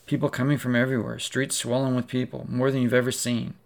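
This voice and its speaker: A man delivers a sermon with a gravelly, fry-tinged voice at an ordinary male pitch. He tells the story dramatically, drawing the listener in as "you." His manner is that of a preacher painting a scene. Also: level tone, quick pace. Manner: dramatic second-person storytelling.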